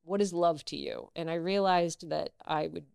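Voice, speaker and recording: A middle-aged actress, a guest in a casual interview, telling personal stories and acting out what others said. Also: female voice, lowish voice, normal speed, gravelly, smooth, no echo, studio quality. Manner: animated, acts out quoted dialogue.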